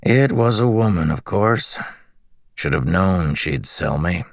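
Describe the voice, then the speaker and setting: A man voicing a raspy, scraggly bearded male slave in an audiobook, a thief proud of his own daring who talks in a chummy way. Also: low voice, lively intonation, takes it slowly, no echo, studio quality, pitched above the performer's own voice, exaggerated voice. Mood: boastful, amused. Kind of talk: audiobook character reading.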